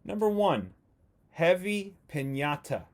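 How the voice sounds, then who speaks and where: A man teaching a first grade remote video lesson, speaking slowly and patiently and stretching out words for young children. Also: a little high, big pitch swings.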